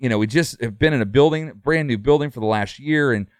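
A man's voice: medium pitch, fast talker, clean tone, no room sound, studio quality. A middle-aged man, a pastor, talking earnestly in a casual podcast conversation, full of fillers and restarts.

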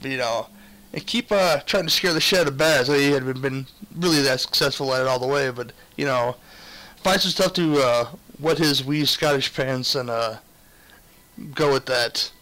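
Male voicemail, chummy and rambling, bright tone. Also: mid-range voice, moderate pace, poor audio. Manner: friendly, rambling, joking. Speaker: fellow podcaster leaving a voice message. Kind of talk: casual recorded voice message.

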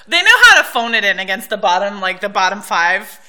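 Lively, bright-voiced woman telling stories. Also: medium pitch, a little fast. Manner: lively storyteller who acts out others' lines and laughs often. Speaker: podcast co-host. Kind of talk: casual chat.

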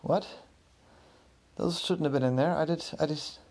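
A man's voice: big pitch swings, brisk, vocal fry, darkish tone, husky, exaggerated voice. A man putting on a stammering, panicky suspect. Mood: flustered. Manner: stammering, high and frantic denials. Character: panicky young man accused of arson.

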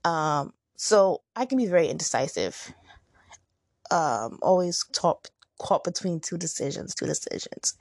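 A woman's voice: no room sound, clean studio sound. Upbeat, chatty woman hosting a podcast. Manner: upbeat and chatty, with lively pitch jumps. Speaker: podcast host. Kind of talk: casual motivational podcast monologue.

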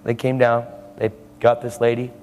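A man's voice: mid-range voice, monotone, moderate pace, a little mellow, in a large hall. A man preaching a sermon, telling a story and acting out the lines of the people in it.

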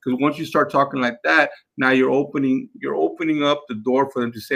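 Hosting his podcast, a sales trainer walks listeners through his method in a gravelly, bright, medium-pitched voice with a steady tone and brisk pace. He's emphatic, often restarting and repeating phrases, and keeps addressing everyone as guys.

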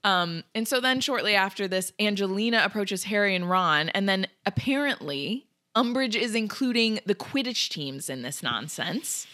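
A woman co-hosting a relaxed podcast recaps a story chapter in a bright, ringing voice. Her pitch leaps around as she acts out lines and peppers her talk with "like". She sounds loose and chatty. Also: moderate pace, hardly any pauses. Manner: animated retelling, frequent "like", acts out quotes. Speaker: podcast co-host. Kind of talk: casual book-recap chat.

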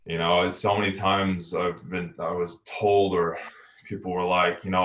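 A man with a very low voice talks through a casual podcast chat in an earnest, rambling way. He restarts his sentences as he goes. The sound is roomy and echoey. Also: flat delivery, moderate pace, a bit bright, highs cut off. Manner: earnest, rambling, self-correcting. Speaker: podcast co-host.

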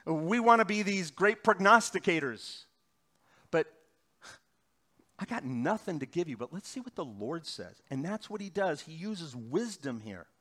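A middle-aged male pastor preaching a sermon, swinging between loud emphatic bursts and quiet, slow passages. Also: on the high side, sing-song.

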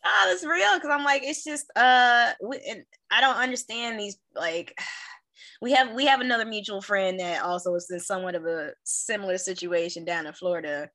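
Bright-voiced, blunt woman podcast host. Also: medium pitch, normal speed, dry recording. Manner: blunt, emphatic and profane. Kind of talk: casual podcast chat.

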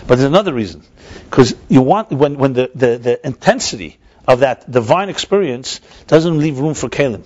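Male teacher for a study class: explains as he goes, restarts often, average pitch, dull recording. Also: expressive, normal speed, darkish tone. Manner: thinks aloud with frequent restarts; explanatory, asks and answers himself. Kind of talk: text-study class lecture.

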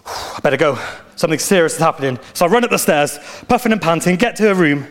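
A man preaching a sermon as pastor, with animated storytelling and emphatic repetition. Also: high-pitched, fairly quick.

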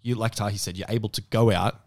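A man's voice: fairly low pitch, steady tone, fast. A man co-hosting a podcast, giving earnest life advice in casual chat and swearing casually. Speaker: podcast co-host.

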